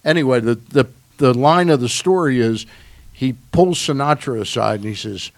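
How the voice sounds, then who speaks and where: A man's voice: medium pitch, normal speed, dry recording. A man hosting sports talk radio from a studio, a chatty storyteller who laughs along as he talks. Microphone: studio mic.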